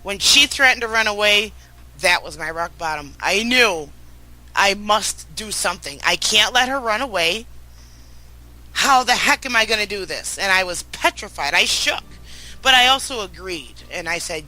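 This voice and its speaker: A woman's voice: medium pitch, animated, normal speed, pushed and bright, rough recording. A middle-aged woman speaking as a guest, telling her personal story in an earnest, emotional way with frequent restarts.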